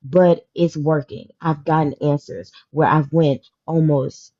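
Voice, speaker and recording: A woman in her thirties hosts a casual podcast panel, her voice husky and a little low. She speaks with emotion and stresses her points again and again. The sound is dull and lo-fi. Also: fairly even intonation, measured pace. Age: 30s. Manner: emotional, emphatic, repeats herself. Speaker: podcast host.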